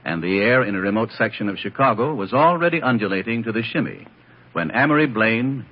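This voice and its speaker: A man giving measured, wry, literary narration for a radio drama. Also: mid-range voice, husky. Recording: lo-fi vintage radio broadcast.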